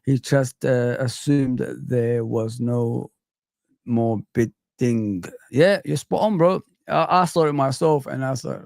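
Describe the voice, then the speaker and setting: A man hosting a casual football live stream, reacting excitedly to clips and chatting with viewers. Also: medium pitch, takes it slowly, vocal fry, no room sound, clean studio sound.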